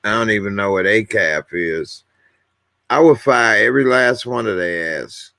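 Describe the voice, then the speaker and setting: A man's voice: lowish voice, normal speed, vocal fry, bright, forceful tone, no room sound, studio quality. A man hosting a casual livestream, bluntly commenting and reading viewers' comments aloud. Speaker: livestream host.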